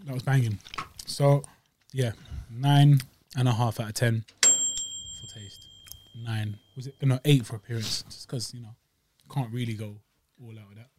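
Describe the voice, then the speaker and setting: A man's voice: medium pitch, fairly even intonation, measured pace, long pauses. Slangy young man, faint hiss. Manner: playful, slangy, interrupting with bits. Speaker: podcast co-host. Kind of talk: casual chat.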